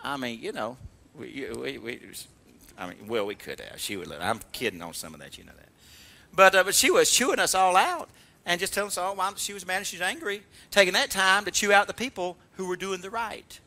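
Animated male pastor, sermon, high, lively, very bright, storyteller. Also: fairly quick, vocal fry. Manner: animated storytelling with call-and-response; laughs while telling stories.

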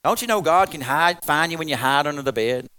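A man preaching a folksy, rambling sermon, swinging from loud exclamations to quiet asides. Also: a little high, expressive, fairly quick, smooth. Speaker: pastor.

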